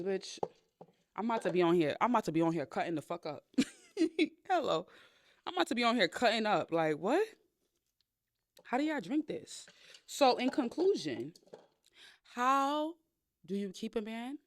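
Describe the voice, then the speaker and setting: A woman hosting a podcast, giving candid dating advice in a blunt, sassy, profane big-sister way with animated storytelling. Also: medium pitch, no echo. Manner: animated storytelling with playful quoted voices. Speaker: podcast host.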